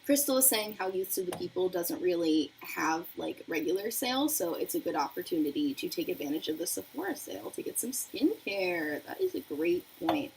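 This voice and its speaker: Young woman doing a makeup livestream, chatty and bouncy, pitch jumping all over, faint radiator hiss behind. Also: big pitch swings, fairly quick, gravelly, few pauses, a little mellow, rough recording. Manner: bubbly, chatty, reads viewer messages aloud. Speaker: beauty livestream host. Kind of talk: casual chat while doing makeup. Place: apartment room with a noisy radiator. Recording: faint room noise from radiator.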